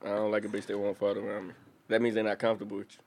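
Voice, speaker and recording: A man's voice: on the low side, monotone, very fast, darkish tone. Blunt joking man on a podcast. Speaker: podcast co-host. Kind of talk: crude casual banter.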